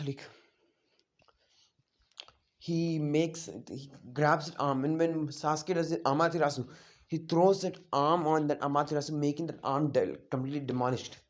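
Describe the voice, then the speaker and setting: A fan storyteller casually narrating an anime what-if plot off the cuff, rambling with many fillers and self-corrections. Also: medium pitch.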